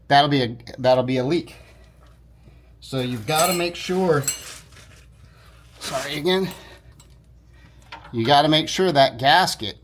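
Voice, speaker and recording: A man's voice: medium pitch, fairly bright tone. Guy narrating his own diy repair, laid back, keeps saying sorry and correcting himself. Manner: informal, self-correcting, apologetic asides. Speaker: DIY repair video host. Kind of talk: casual how-to narration.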